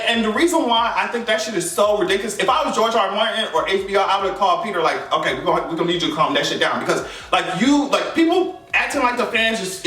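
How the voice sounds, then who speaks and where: High, bright-voiced man ranting. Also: far from the mic. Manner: emphatic, profane, animated. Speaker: vlogger. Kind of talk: heated fan rant. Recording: echoey room, voice off mic.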